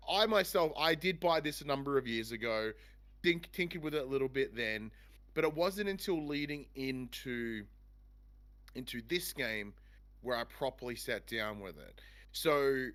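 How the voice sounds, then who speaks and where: Aussie guy hosting a game podcast, rambly and keen, middle pitched voice. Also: bright, forceful tone. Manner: rambling, enthusiastic. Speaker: podcast host. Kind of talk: casual review chat.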